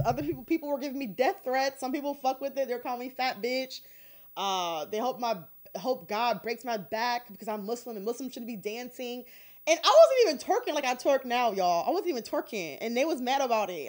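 Podcast guest: woman with a fairly high voice, blunt and animated. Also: normal speed. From Detroit, USA. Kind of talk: candid casual storytelling.

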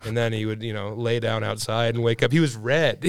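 A man, a comedian guest, telling animated anecdotes in casual podcast chat and laughing through his own punchlines. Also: medium pitch, fairly quick, a crowd in the background.

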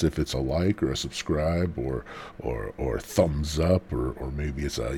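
A man's voice: rumbling low, unhurried, a little mellow, slight background noise. A man hosting a comedic podcast, rambling crudely and slipping into mock ASMR whispers. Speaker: podcast host.

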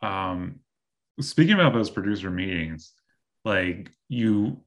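Deep voiced co-host guy rambling with lots of likes and ums. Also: animated, slow pace. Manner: loose, filler-heavy talk. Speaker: podcast co-host, former wrestling writer. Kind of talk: casual podcast chat.

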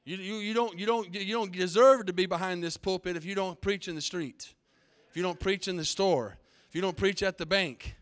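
A man with a high voice preaches to his congregation from the pulpit. He is emphatic and calls for responses from the listeners. He sounds middle-aged and speaks as their pastor. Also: normal speed, a bit bright. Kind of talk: sermon. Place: church sanctuary.

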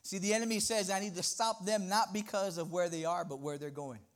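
A man preaching a sermon in a church, impassioned and swinging between loud and quiet. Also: sits high, steady tone, fairly quick. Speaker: guest preacher.

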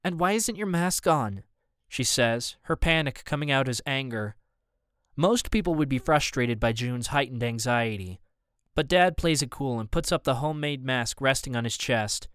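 A man giving first-person scripted audiobook narration in an even, measured way. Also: medium pitch, clean tone, dry recording, clean studio sound.

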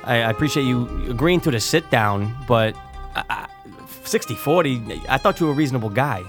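Man as a tense tough-guy mobster, stammering, over clear music. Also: mid-range voice, lively intonation, fairly quick, close to an everyday voice. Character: edgy male mobster negotiating a deal.

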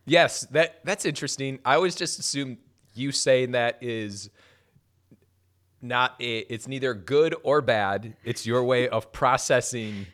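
A man's voice: medium pitch, slow pace, a bit bright. A young man co-hosting a podcast, telling anecdotes casually, swearing freely and laughing at himself. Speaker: podcast co-host.

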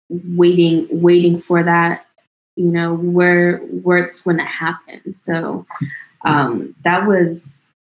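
A woman in her thirties telling a personal story in a casual interview, chatty, laughing often and trailing off into restarts. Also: on the low side. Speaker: interview guest. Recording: dull lo-fi sound.

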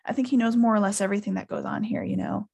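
A woman's voice: medium pitch, very fast, creaky, husky. A woman hosting a podcast, reading a book aloud live with character voices and chatty asides. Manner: reads with animated character voices, laughs often.

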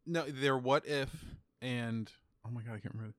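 A man's voice: medium pitch, normal speed, a bit bright, no room sound. Laid-back man tossing off dry quips. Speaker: podcast co-host. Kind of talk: casual chat.

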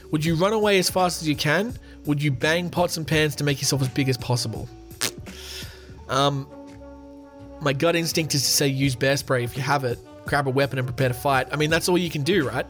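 A man's voice: on the high side, a little fast, fairly bright tone, soft background music. A man hosting a podcast, reading out quiz questions and joking through his answers. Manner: joking, reads questions aloud and answers himself. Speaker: podcast host. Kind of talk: casual chat reading a quiz.

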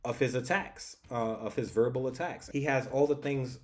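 A man reviewing a comic book in a casual, enthusiastic and animated way. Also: mid-range voice, normal speed, faint music behind. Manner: animated and enthusiastic, with frequent restarts. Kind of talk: casual commentary.

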